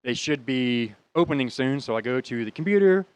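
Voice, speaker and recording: A man's voice: medium pitch, lively intonation, brisk, darkish tone, clear, resonant tone. Rambling, cursing American man telling a story. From United States. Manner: rambling, profane, laughs at his own bad luck. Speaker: podcast host. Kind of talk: casual storytelling.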